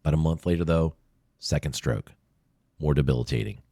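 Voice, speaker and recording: A podcast guest who advocates for veterans tells heartfelt stories in a conversational interview, earnest and openly emotional, voicing the people he quotes. His very deep voice is gravelly, warm, and expressive, and he talks fairly quickly. It is studio-quality audio from a small room, with no room sound.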